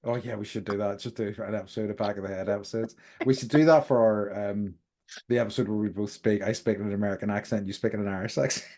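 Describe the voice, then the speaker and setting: Low-voiced man chatting. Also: steady tone, fast, darkish tone. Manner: chatty, rambling with many fillers and restarts. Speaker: podcast co-host. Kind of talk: casual chat. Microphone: desk microphone.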